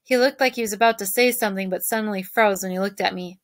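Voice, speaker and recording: Brief: woman teacher reading a novel aloud to her class, lively, dry close sound. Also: medium pitch, fast talker, dry recording. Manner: lively, shifts voices for characters.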